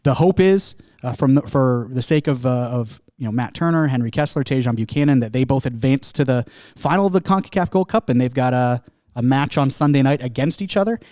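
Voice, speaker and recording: Rambling, self-conscious podcast host. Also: male voice, mid-range voice, animated, a little fast, warm tone, dry recording, clean studio sound. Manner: rambling, self-deprecating, lots of fillers. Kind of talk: casual chat.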